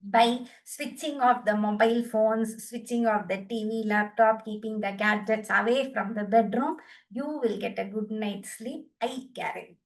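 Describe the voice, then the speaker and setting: This woman, an Indian English–accented instructor of yoga and laughter therapy, guides a group wellness class with upbeat, encouraging cues and bursts of laughter. She speaks at a normal speed in a fairly high voice, recorded from some distance.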